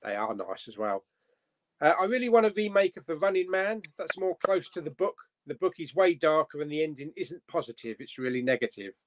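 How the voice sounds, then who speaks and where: Lively man with a bouncy voice. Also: fairly high pitch, brisk. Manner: lively, reads out chat comments. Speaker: guest. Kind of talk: casual live-stream chat.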